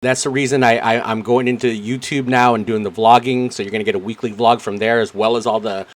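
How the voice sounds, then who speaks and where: A man's voice: mid-range voice, fairly even intonation, fast talker. A man co-hosting a casual gaming podcast, talking earnestly and rambling with frequent restarts. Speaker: podcast co-host.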